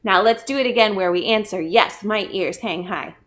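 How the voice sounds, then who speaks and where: A woman's voice: mid-range voice, normal speed, a bit bright. A woman, a children's librarian, leading a pre-k story time and talking directly to small children in a playful, encouraging way. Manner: playful, acts out animals.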